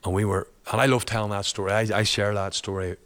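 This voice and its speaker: A man's voice: lowish voice, steady tone, fast, a bit bright. A man, a guest and father, telling a personal story in a chatty, colloquial way, laughing often.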